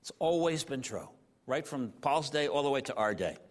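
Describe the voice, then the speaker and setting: Animated male preacher, lively pitch. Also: moderate pace. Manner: animated, conversational, with filler "you know" and "he's like". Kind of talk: sermon. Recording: long hall reverb.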